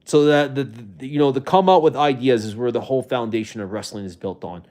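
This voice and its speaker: A man's voice: medium pitch, a little fast, darkish tone. A man live-streaming from a rental home, talking casually to his viewers in a rambling way, often restarting his sentences, and at times getting emotional. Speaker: livestreamer.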